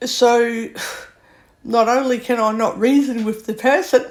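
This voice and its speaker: A woman's voice: fairly high pitch, fairly even intonation, measured pace. A woman, bluntly ranting to camera in a vlog. She sounds exasperated, swears freely and keeps circling back over her points. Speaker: vlogger. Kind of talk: ranting monologue.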